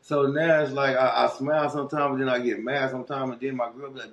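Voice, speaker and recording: A middle-aged man from Los Angeles with a local accent, telling his life story in a casual, animated, streetwise and heartfelt way as an interview guest. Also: medium pitch, fast, hardly any pauses, reverberant.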